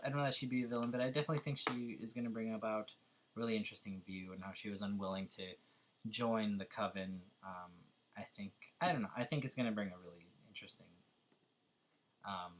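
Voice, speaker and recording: A man's voice: medium pitch, fairly bright tone, a little hiss or hum. A young man with a Californian accent, chatting casually as a vlogger answering viewer questions, hesitant and full of fillers. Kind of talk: casual chat.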